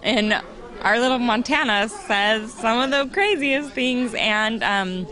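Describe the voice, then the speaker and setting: A woman's voice: on the high side, lively intonation, slow pace, bright, forceful tone, some chatter behind. Earnest woman sharing a heartfelt story. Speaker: interview guest. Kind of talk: emotional personal testimony.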